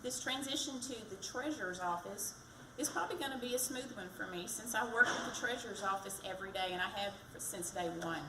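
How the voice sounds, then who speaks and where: A woman's voice: mid-range voice, a little fast, few pauses. Chatty Texan woman on a distant mic. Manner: chatty, self-deprecating, joking with the crowd. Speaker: candidate for county treasurer. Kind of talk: campaign stump speech. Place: fire department community event. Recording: echoey, distant mic, background noise.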